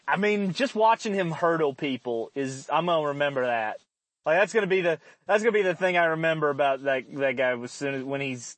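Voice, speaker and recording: A man's voice: medium pitch, no room sound. A man hosting a casual sports podcast, joking and laughing often as he talks. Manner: laughs often, animated and jokey. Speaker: podcast host.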